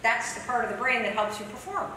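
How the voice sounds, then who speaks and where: A woman speaker talking straight to a live audience, emphatic and direct, her voice a touch high. The sound is very roomy and echoey, picked up from some way off, with a faint hum of the venue behind. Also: animated, fairly quick, bright, forceful tone. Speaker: motivational speaker. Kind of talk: live training talk to an audience. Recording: echoey hall, mic from a distance.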